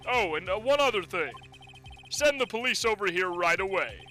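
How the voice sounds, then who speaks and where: Fan game dub: man doing a haughty, condescending rich company boss, bright tone, swooping delivery. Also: high voice, expressive, soft background music, low-quality recording. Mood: gloating. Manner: condescending, theatrical, drawn-out threats. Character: pompous, menacing rich male company president.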